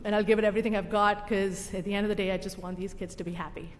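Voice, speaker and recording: A young adult woman telling a personal story live on stage, animated and self-mocking, with a conversational tone and pauses for laughs. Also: medium pitch, a little hiss or hum. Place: stage in a venue with a live audience. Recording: reverberant hall, faint room ambience.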